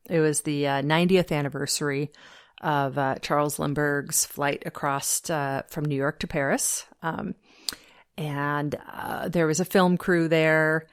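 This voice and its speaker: Chatty woman podcast host, slightly low voice. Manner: chatty storyteller, upbeat, many fillers. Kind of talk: casual solo podcast talk.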